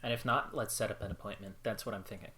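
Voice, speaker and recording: A man plays a tabletop game in an easygoing way, thinking his plans out aloud. His voice sits on the low side. A faint background hiss runs under it. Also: quick pace, sharp tone. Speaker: player. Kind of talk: casual tabletop play.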